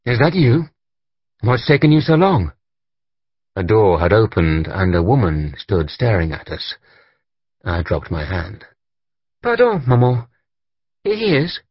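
A man narrating an audiobook in the first person, with a husky voice and an expressive delivery. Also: sits low, no echo, highs cut off.

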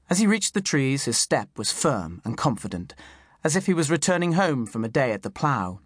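A man narrating an audiobook in clear, measured storytelling. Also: medium pitch, dry recording, studio quality. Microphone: studio microphone.

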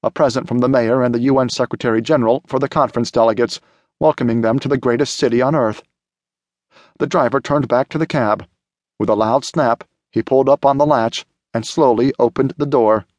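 A man narrating a thriller audiobook in a steady, measured way. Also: mid-range voice, no echo. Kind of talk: scripted narration.

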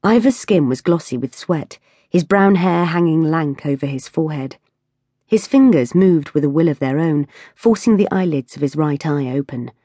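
Low husky woman reading a novel. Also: warm tone, dry recording, studio quality. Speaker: audiobook narrator. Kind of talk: scripted narration.

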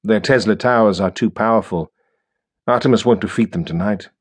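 A man narrating an audiobook, voicing a gentle, worried male robot husband who speaks quietly. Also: on the low side, fairly quick, breathy edge. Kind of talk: audiobook character voice.

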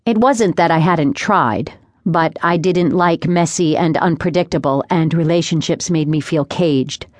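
A young woman reading a first-person audiobook in a measured, wry storytelling manner. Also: deep voice, darkish tone, dry recording. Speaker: audiobook narrator. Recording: dry close studio sound.

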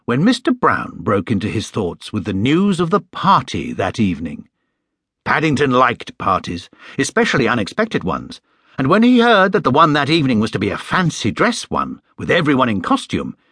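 Husky male storybook narrator. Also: on the low side, a bit bright, no echo, studio quality. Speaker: audiobook narrator.

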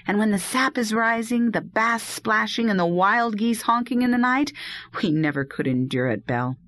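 A woman's voice: fairly high pitch, expressive, normal speed, a bit bright, no room sound, pitched above the performer's own voice. A woman voicing a rugged young male herb harvester who chides and coaxes his dog. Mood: earnest. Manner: earnest, chiding, talks to his dog. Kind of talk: audiobook dialogue reading.

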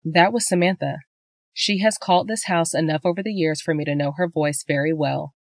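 A woman's voice: deep voice, brisk, no echo. A woman voicing a betrayed wife and mother who speaks in heated, angry bursts, in a dry-sounding audiobook reading. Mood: cold. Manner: heated, raising her voice in anger.

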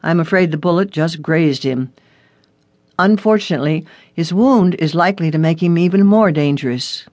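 A stern, guarded male police detective from a storybook audiobook, as the narrator drops the voice lower for him. He speaks in a measured, serious way, and the recording is close and dry. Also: a little mellow, dry recording, close to an everyday voice. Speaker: detective character. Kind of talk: audiobook character reading.

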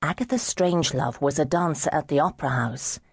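A woman narrating an audiobook in a measured, wry storytelling manner. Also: low-pitched, slightly rough, no room sound, studio quality.

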